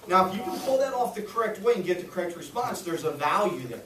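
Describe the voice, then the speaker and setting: High-voiced man giving a jokey sales training. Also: sing-song, fast, fairly bright tone, far from the mic. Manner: jokey, keeps checking in with "right?". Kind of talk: training lecture to a group. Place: training room with an audience. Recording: echoey room recorded from afar, faint noise.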